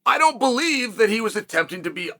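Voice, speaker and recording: Bright high-voiced man, emphatic commentator. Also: sing-song, fast. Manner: emphatic, rhetorical questions, bursts of raised voice. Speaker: combat sports commentator host. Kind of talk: solo commentary monologue.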